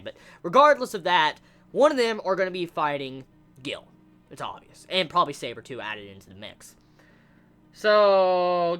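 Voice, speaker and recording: A young man rambles through an anime episode review, excited and profane, tripping over repeated words as he goes. His pitch swings widely and his tone is bright and forceful. Faint music plays underneath. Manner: excitable, swears a lot, stammers and repeats words. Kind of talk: casual unscripted review.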